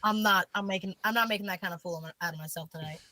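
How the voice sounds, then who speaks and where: A woman with a bright, forward voice joins a livestream chat with dry, quick quips. Her pitch sits in the middle, and the sound is close and dry. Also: dry recording. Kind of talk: casual chat.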